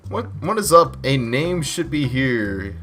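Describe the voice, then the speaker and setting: A man hosting a casual gaming chat over a voice call, taking his time and swinging his pitch around expressively. He swears freely and laughs often, with game music playing under him. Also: animated, a little slow, fairly bright tone. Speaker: podcast host. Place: home, on a voice call.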